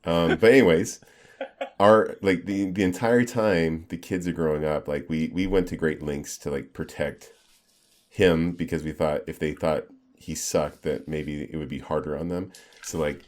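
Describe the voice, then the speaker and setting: Man, low voice, middle-aged, podcast co-host, casual rambling chat. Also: fairly even intonation, normal speed, darkish tone. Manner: rambling storyteller, many fillers and restarts.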